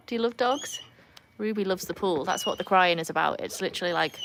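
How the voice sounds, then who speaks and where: A woman's voice: medium pitch, normal speed, noisy background. A woman from North Wales with a Welsh accent, chatting casually on a live stream from beside a backyard pool, laughing often and talking to her dogs. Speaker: livestream host. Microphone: phone.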